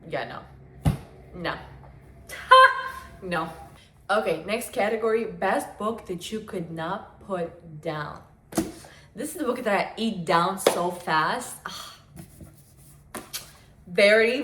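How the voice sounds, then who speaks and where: A woman's voice: lowish voice, fairly bright tone. A woman in her twenties chatting casually and gushing about books, her talk full of fillers. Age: 20s. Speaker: book vlogger. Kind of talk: casual chat. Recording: echoey room.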